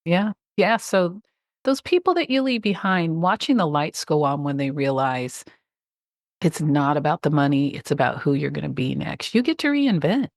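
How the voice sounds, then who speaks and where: A woman's voice: low voice, animated, moderate pace, no room sound, studio quality. A middle-aged woman, a life coach guest, talking enthusiastically and a bit rambling about clients facing change. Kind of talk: casual interview chat.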